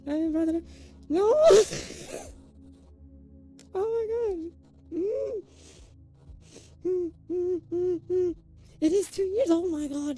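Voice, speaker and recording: A high-pitched woman streamer talking unhurriedly to her chat, excitable and emotional, thanking viewers one by one. She goes from giggling to choking up and back. Faint music plays behind her. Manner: excitable, thanks viewers by name, swings between giggles and near tears. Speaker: live streamer.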